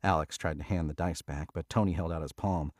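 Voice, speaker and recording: Deep-voiced male audiobook narrator. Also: steady tone, fairly quick, dry recording, studio quality. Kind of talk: scripted thriller narration.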